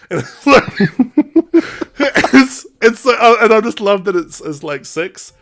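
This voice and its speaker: A young man hosting a podcast, retelling a story in a casual, animated way, quoting characters in quick put-on voices and laughing often. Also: fairly high pitch, faint music behind. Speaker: podcast host. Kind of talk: casual chat recapping a story.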